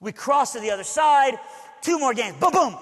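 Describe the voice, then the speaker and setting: A man from Alabama delivers a sermon as a personal story, with a high-pitched voice. He talks to the audience conversationally and throws in frequent asides. The recording carries a long reverb from a large hall. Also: lively intonation, moderate pace, fairly bright tone. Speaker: preacher.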